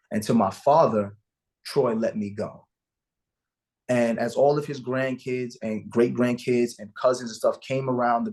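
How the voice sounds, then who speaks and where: Appearing as an interview guest, a man with a mid-range, darkish voice earnestly and emotionally shares a personal story about fatherhood, acting out the dialogue as he goes.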